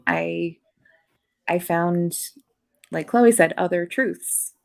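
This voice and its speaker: A woman's voice: fairly low pitch, gravelly. A woman on a podcast panel, talking candidly and rambling with many fillers in casual chat.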